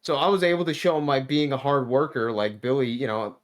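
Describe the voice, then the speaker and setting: A man in his thirties chats on a podcast in a laid-back, rambling way, packed with swearing and false starts. His voice sits at an ordinary middle pitch. He drifts from one thought to the next as he spins a work story. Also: fairly even intonation, fairly quick. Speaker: podcast guest. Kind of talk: casual storytelling chat.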